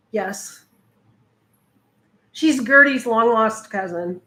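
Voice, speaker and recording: A middle-aged woman talks at an unhurried, leisurely pace while she preps her art journal. She drifts into soft, cooing baby talk with her dog and keeps a relaxed, homey chatter going throughout. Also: medium pitch. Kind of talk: casual chat while crafting.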